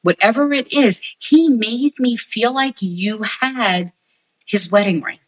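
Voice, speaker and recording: A woman's voice: fairly high pitch, takes it slowly, poor audio. A woman working as a psychic medium, earnestly relaying messages to the people in front of her and often repeating herself. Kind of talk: spirit reading for sitters.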